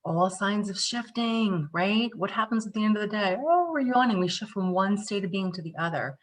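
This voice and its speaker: A woman from the Northeastern US teaching a live online tapping workshop, chatty and animated, acting out little scenes as she explains. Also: medium pitch, normal speed, a little hiss or hum.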